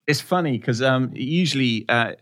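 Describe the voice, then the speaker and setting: A man co-hosting a relaxed podcast, his speech full of ums and uhs as he gathers his thoughts. His voice sits at a medium pitch. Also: normal speed. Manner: hesitant, many ums and uhs. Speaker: podcast co-host. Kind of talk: casual chat.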